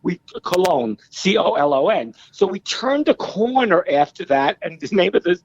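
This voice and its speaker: A man's voice: high voice, moderate pace, dull audio, a little hiss or hum. A middle-aged American man, a podcast guest, telling stories casually and acting out the voices of the people in them. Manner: animated, acts out quoted voices. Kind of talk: casual storytelling.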